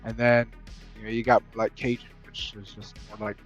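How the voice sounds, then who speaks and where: A man from the American South with a Southern accent, chatting as a guest in a relaxed, rambling way, on a slightly dull recording. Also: fairly low pitch, moderate pace, faint music behind. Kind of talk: casual chat.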